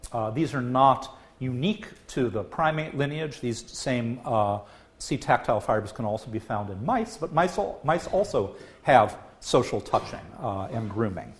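A man giving a public science lecture as a professor, talking in an animated way with frequent filler "uh". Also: medium pitch. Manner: lively, animated delivery, acts out quoted voices.

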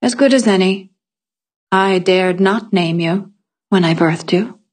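A woman's voice: unhurried, darkish tone, lightly acted. A woman reading the part of a grizzled old woman tanner who speaks in a stern, grunting way. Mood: solemn. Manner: low grunting speech.

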